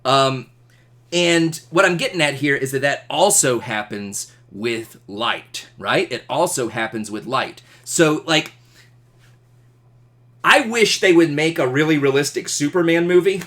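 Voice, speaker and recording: A man teaching an astronomy class, animated and jokey, asking questions. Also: on the high side, measured pace. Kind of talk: classroom lecture.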